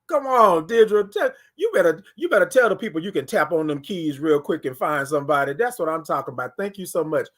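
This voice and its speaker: Animated man hosting a live stream. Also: high voice. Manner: animated, talks to viewers and reads comments aloud. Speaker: livestream host. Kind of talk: casual livestream chat.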